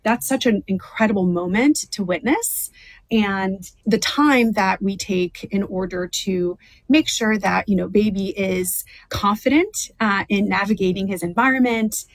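A woman's voice: medium pitch, unhurried, dry recording, rough recording. Enthusiastic woman zoo official. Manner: enthusiastic, with frequent fillers. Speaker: zoo official interviewed as a guest. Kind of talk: interview answers.

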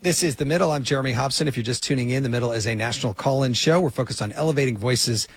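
A man hosting a national radio call-in show, relaxed and conversational with a teasing edge. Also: mid-range voice, racing, husky, soft background music.

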